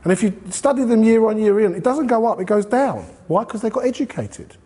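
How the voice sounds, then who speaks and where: A man's voice: sits high, big pitch swings, fairly quick, dark tone. A man speaking at a group meeting, giving a conversational motivational talk and asking the audience questions. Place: meeting room.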